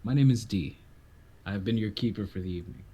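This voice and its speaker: Sinister keeper figure, theatrical and ominous, low voice, put on by a man. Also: fast talker, warm tone, husky. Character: sinister keeper of a haunted evening, male.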